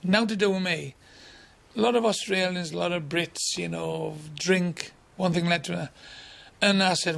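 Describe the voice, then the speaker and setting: A man's voice: high-pitched, moderate pace, gravelly. A man, a comedian telling blunt, bawdy anecdotes in an interview. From England. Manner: blunt, bawdy, chuckling raconteur.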